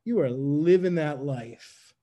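Energetic fairly high-voiced male evangelist. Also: slow. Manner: energetic, emphatic storyteller with slang like "bro". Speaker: evangelist guest. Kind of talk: casual faith conversation.

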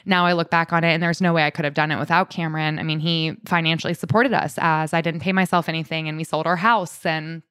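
A woman's voice: sits low, fairly even intonation, quick pace, hardly any pauses, a bit bright, smooth, no room sound, clean studio sound. A woman co-hosting a podcast, telling stories in an upbeat, casual way and acting out quoted dialogue. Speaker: podcast co-host. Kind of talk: casual chat.

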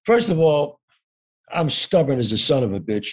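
A man's voice: a little high, sing-song, normal speed. An older man telling his story as a podcast guest, acting out both sides of each conversation and swearing freely. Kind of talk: animated storytelling.

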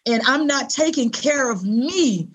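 A middle-aged woman speaks a little slowly in a high, breathy-edged voice, telling an interviewer a personal story. Her delivery is earnest, conversational and animated, with quoted people's voices acted out.

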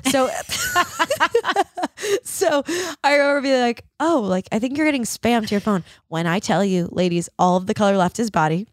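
A woman's voice: on the high side, moderate pace, dry recording, studio quality. A young adult woman co-hosting a podcast, telling a story casually and acting out the dialogue. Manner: animated, laughing, acts out quoted dialogue. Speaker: podcast co-host.

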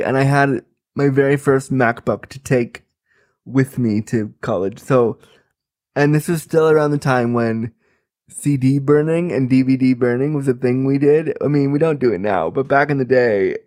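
A man's voice: mid-range voice, moderate pace, a little mellow. Frank, chatty man in his thirties. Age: 30s. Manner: candid, frank, chatty with many fillers. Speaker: storyteller. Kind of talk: comic personal storytelling.

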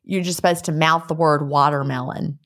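A woman's voice: low-pitched, fairly even intonation, normal speed. A woman co-hosting a casual chat, reading listener letters and playing with quirky phrases. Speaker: podcast co-host.

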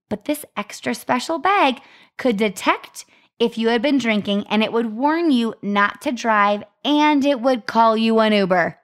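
A young woman with a slightly high voice speaks a little slowly as co-host of a chatty podcast. In this casual conversation she tells an upbeat story and reads out some marketing details.

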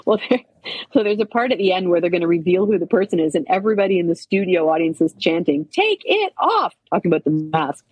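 A middle-aged woman from Canada tells stories as a podcast guest, chatty and full of asides. Her voice sits a little low and has a husky, breathy edge. The sound is close and dry, with little room around it. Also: quick pace, no room sound, dull audio. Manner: chatty, animated storytelling with many asides. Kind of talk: casual chat.

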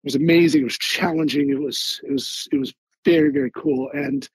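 A man from Philadelphia, an Army veteran and guest on an interview show, telling stories in an animated way and often repeating words as he searches for them. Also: a little high, brisk, husky, dry recording, rough recording. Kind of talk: casual interview storytelling.

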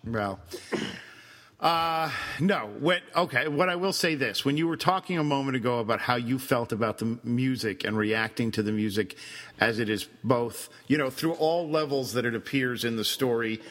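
A man co-hosting a podcast, chatting casually about a film, animated and teasing, laughing often. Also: mid-range voice, normal speed, long reverb tail. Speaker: podcast co-host.

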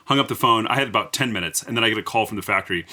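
A deep-voiced man hosting an interview, with a bright, forward tone. He speaks earnestly and reflectively, with frequent fillers. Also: very fast. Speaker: interview host. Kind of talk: conversational interview.

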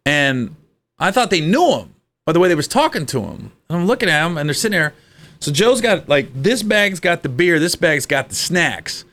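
A middle-aged man telling lively, profane stories in a casual podcast chat, jumping his pitch up for quoted voices. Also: moderate pace. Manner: animated storyteller, swearing, jumps high for quoted voices. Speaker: podcast co-host.

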